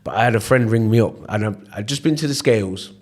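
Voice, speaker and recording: Animated Leicester man telling stories. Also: on the low side, fast talker. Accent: Leicester English. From England. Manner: animated storyteller, acts out voices, repeats "you know what I mean". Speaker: interview guest, former professional boxer. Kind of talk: storytelling in casual interview chat.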